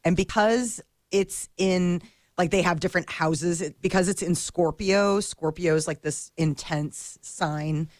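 Chatty low-voiced woman radio host. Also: a little slow, dry recording, studio quality. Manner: chatty, filler-heavy, giggly. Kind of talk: casual morning radio chat.

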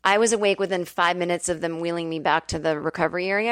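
This podcast host speaks fairly quickly in a steady, fairly bright tone as she shares a frank personal story for her comedy show. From her temporary home in Brooklyn, she chats casually, curses freely, and voices quotes in a high, whiny impression.

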